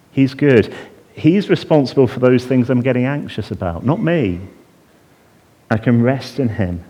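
A man preaching a sermon with a very lively, wide-ranging voice. He acts out a wailing child in a high pitch, then sinks to a hushed murmur for the calm parts. His pitch sits mid-range for a man. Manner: drops to a hushed voice on calming phrases.

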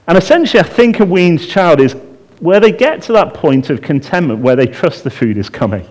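Lively preacher with a very varied voice. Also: male voice, normal speed. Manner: animated, acts out a crying child in a high voice; drops to a hushed voice on calming phrases. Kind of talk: sermon.

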